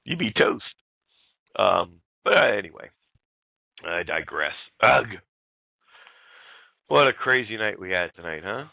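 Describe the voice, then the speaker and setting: Gravelly, forceful talk-radio man. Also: fairly low pitch, lively intonation, unhurried, pauses often, no room sound. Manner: blunt, fired-up, swears and addresses folks directly. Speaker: radio show host. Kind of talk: casual talk radio rant.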